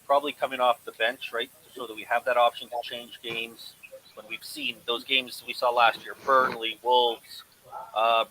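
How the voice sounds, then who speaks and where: A man from Canada in casual chat, measured and thoughtful. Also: mid-range voice, flat delivery, pushed and bright, low-quality recording.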